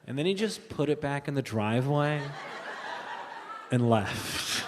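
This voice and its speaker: A man doing stand-up comedy, telling a family story with animated delivery and acting out relatives. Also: fairly high pitch, unhurried. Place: live comedy stage. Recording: live stage with long reverb and faint noise.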